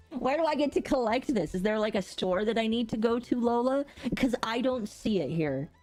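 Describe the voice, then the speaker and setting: Young woman, podcast co-host, rambling casual chat, halting restarts, faint music underneath. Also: a little high, lively intonation, a little mellow.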